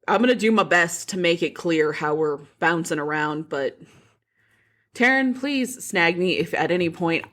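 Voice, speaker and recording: Lady podcaster with a lower voice, casually recapping a book, pretty blunt, swears a lot. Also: animated, moderate pace, a bit bright. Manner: frank, profane storytelling. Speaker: podcast host.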